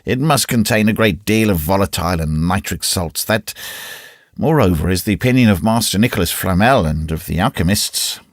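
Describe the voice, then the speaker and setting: A man reading a classic novel aloud as an audiobook narrator, in an expressive, varied reading. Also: low voice, moderate pace, no echo, clean studio sound. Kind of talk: scripted narration.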